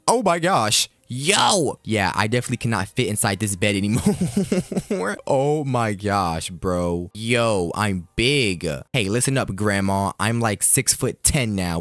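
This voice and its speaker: A young man commentating his own gameplay in a jokey, excitable, slangy way, with sudden high yelps. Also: dry recording. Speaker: gaming YouTuber. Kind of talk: game commentary.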